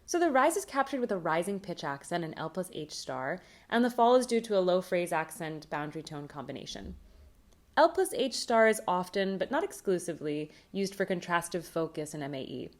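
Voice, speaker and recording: A woman presenting a recorded academic conference talk, reading a prepared script in a measured, explanatory way. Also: fairly low pitch, very animated.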